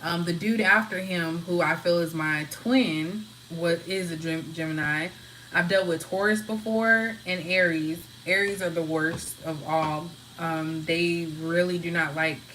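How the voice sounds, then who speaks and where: A woman casually rambling from home to her live viewers, answering their comments in a relaxed, open way. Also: on the low side, slight background noise, rough recording. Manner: relaxed, talks freely, answers chat comments. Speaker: livestream host.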